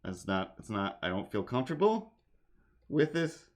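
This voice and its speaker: A man's voice: medium pitch, sing-song, moderate pace. A man chatting casually on a home stream while he draws, rambling from one thing to the next, breaking into sung bits and talking to his cat. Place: home apartment.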